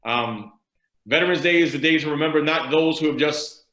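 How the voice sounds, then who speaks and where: Man with a bright, forceful voice; rousing address, echoey room audio over a video call. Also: a little high, normal speed. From the Bronx, New York. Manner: rousing, preacher-like speech. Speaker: state senator. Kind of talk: speech to a virtual event.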